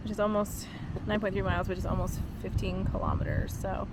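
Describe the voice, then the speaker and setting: A woman from Vancouver Island, a tired long-distance hiker, chatting excitably into a handheld camera on a mountain trail. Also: medium pitch, a little fast, heavy background noise. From Vancouver Island, Canada. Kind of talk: casual trail vlog.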